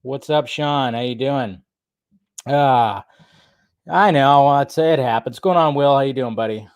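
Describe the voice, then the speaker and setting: A man's voice: medium pitch, a little slow, clean tone, no room sound. Chatty male livestream host, dry sound. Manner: chatty, greets viewers by name, jokey. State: slight cough, throat irritation. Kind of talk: casual live chat. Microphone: desk microphone.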